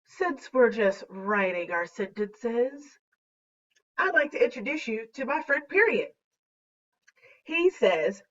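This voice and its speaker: Slow, dull-sounding teacher woman. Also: a little high, sing-song, a bit bright. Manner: slow, deliberate, playful teacher delivery. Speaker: third grade teacher. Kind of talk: recorded slideshow lesson. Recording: dull, distant lo-fi recording.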